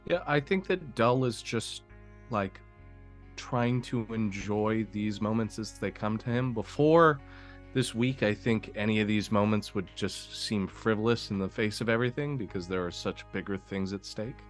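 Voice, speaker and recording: A man with a fairly low voice plays his character at a tabletop game, earnest and gentle as he thinks aloud. Soft music runs in the background. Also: moderate pace. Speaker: player. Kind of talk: in-character tabletop role-play.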